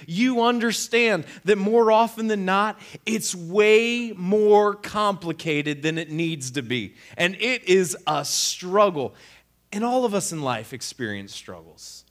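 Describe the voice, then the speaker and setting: A man with a somewhat high voice recounts a story in a lively, swooping delivery. He sounds exasperated and sarcastic as he talks. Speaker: speaker telling a personal story. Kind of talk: conversational storytelling.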